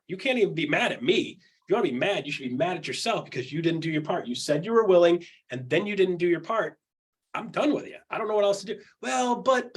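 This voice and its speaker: Blunt, husky-voiced man coaching. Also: high-pitched. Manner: blunt, emphatic, acts out quoted voices. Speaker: podcast host. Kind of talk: casual coaching talk.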